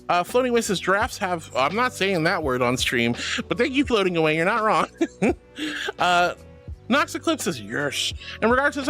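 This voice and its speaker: A man's voice: sits high, fairly bright tone. A man streaming live and reading out chat in a bubbly, affectionate, playful way, calling viewers sweetie and darling, with giggles, gasps and squeals. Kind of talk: chatty livestream reading chat.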